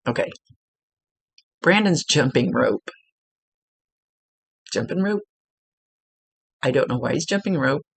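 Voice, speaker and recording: Gravelly, husky woman giving a psychic reading. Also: rumbling low, lively intonation, slow, pauses often, dry recording. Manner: chatty and blunt, laughs often, swears casually. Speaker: psychic medium. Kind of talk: casual spoken reading for a client. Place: indoors at a table.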